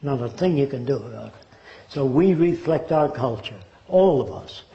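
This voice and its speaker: A man's voice: mid-range voice, animated, moderate pace, creaky. An older man giving a lecture, speaking emphatically, asking rhetorical questions and mimicking accents. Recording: dull, roomy recording.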